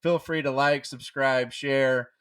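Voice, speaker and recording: A man's voice: medium pitch, fairly even intonation, slow pace, fairly bright tone, smooth. Middle-aged male podcast co-host, casual, rambling, dry humor. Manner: rambling, restarts often, wry jokes. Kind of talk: casual chat.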